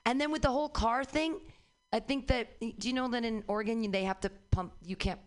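A woman's voice: a little high, fairly quick. A woman giving casual, rambling feedback on a comic's set. She is encouraging and often trails off mid-thought. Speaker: workshop critic.

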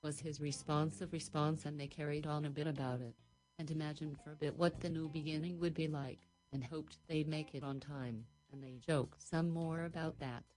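A woman's voice: low voice, steady tone, normal speed, a little mellow, faint music behind, low-quality recording. A woman narrating an improvised story in a rambling, dreamy way, stringing long run-on sentences together.

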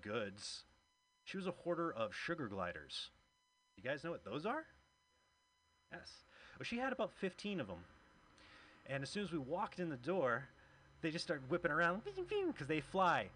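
A man's voice: a little high, sharp tone, a little hiss or hum. A man doing a conversational stand-up comedy set, telling a self-deprecating story at a small club. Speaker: stand-up comic and open mic host.

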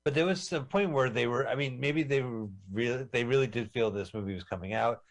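A man's voice: mid-range voice, brisk. A man co-hosting a podcast, reminiscing and chatting casually about a movie they are watching. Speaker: podcast co-host.

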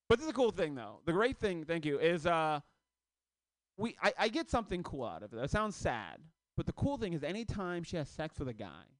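Animated high-voiced male comic on stage. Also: no room sound. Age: 30s. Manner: loose conversational delivery with shouted punchlines. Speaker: stand-up comedian. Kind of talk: stand-up set. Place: comedy club stage.

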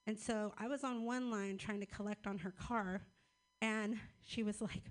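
A woman's voice: medium pitch, normal speed. A woman comic telling crude, laid-back stories from her set. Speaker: stand-up comic. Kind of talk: stand-up set, then feedback chat.

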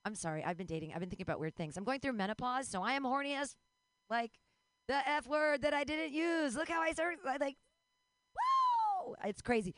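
Bawdy woman comedian with a lively voice. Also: on the high side, fast, smooth, no echo. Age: 40s. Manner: bawdy, rambling, bursts into squeals and laughs. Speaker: stand-up comedian. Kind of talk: stand-up comedy set.

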